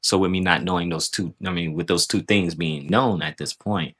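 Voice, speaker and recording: Low-voiced man breaking down his match. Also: moderate pace, fairly bright tone. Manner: loose, conversational, self-critical with frequent "right?". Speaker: grappler reviewing his own match. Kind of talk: casual match breakdown commentary.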